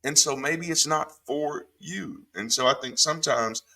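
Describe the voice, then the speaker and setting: A man, a former pastor, giving a casual Bible commentary in an emphatic, animated way, swearing freely and jumping from calm low talk to sharp, high outbursts. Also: measured pace, gravelly.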